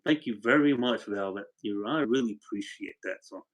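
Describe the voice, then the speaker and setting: A man's voice: on the low side, normal speed, poor audio. Older man chatting on a home livestream. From Arizona. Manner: rambling, warm storytelling, thanks viewers by name. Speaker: livestream host. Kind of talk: casual livestream chat. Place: home with a wood stove.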